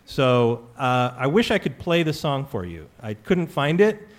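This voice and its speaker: A man's voice: mid-range voice, big pitch swings. Chatty man hosting a live trivia show. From California. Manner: chatty, joking, halting with fillers. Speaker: quiz show host. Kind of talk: live audience trivia talk. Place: stage with a live audience.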